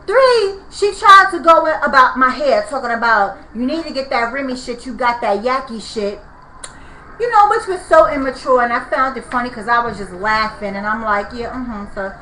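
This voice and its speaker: A woman's voice: fairly high pitch, expressive, normal speed, pushed and bright. A woman, ranting angrily to her viewers about a street confrontation. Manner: heated, ranting, addresses viewers as "people" and "y'all". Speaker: vlogger. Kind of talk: angry storytime vlog. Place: apartment room. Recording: echoey room with faint noise.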